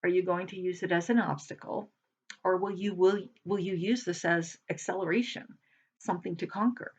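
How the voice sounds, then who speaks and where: A woman's voice: on the low side, steady tone, normal speed, slightly rough. A woman giving a casual spoken lesson as a motivational speaker, earnest and repeating phrases for emphasis. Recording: dull lo-fi sound.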